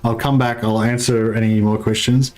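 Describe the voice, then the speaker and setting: A man's voice: lowish voice, little pitch movement, moderate pace, a little mellow. A man streaming a game live, chatting casually and rambling, with many fillers as he reads his chat aloud.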